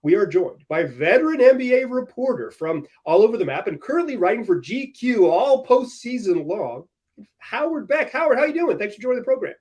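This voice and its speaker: High-voiced, energetic podcast host man. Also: a little fast. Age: young adult. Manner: energetic, animated, laughing storyteller. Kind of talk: casual sports podcast chat.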